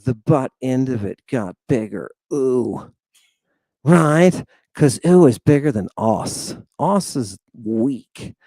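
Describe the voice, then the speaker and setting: Unhurried male Greek teacher with a warm, mellow tone and a dry, close sound; chatty, joking at himself, and he stretches out each word he drills. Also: mid-range voice, lively intonation, dry recording. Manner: chatty, self-mocking, keeps asking "right?"; drawn-out, emphatic pronunciation drills. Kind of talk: recorded online language lecture.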